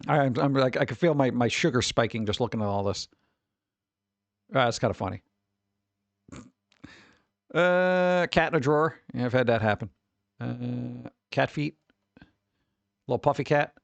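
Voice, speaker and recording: A young man streaming, chatting casually while reacting to pet pictures, animated and chuckling, sometimes putting on funny voices for the animals. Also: medium pitch, moderate pace, gravelly, long pauses, no echo.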